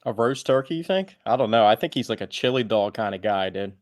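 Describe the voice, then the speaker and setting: Man, podcast co-host, lower voice, dry close sound, teasing, moves topics along. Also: lively intonation, a little fast, dry recording. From Philadelphia area. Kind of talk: casual sports chat.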